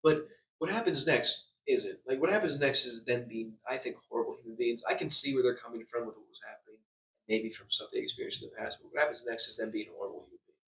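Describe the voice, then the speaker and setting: A man's voice: medium pitch, fast, gravelly, fairly bright tone. A young man in a hotel room telling an angry storytime rant, stammering, repeating words and swearing a lot. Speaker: vlogger. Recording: echoey room, distant mic.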